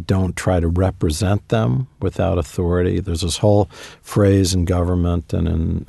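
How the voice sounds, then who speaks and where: Low gravelly man telling stories. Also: mellow, no echo. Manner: anecdotal, conversational, emphatic asides. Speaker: guest author. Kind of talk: interview storytelling.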